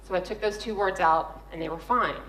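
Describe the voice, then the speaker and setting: A woman's voice: lowish voice, brisk, a bit bright. A woman speaker at a conference, telling funny, candid stories and acting out the voices she quotes. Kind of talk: storytelling talk on stage. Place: conference hall. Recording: echoey hall.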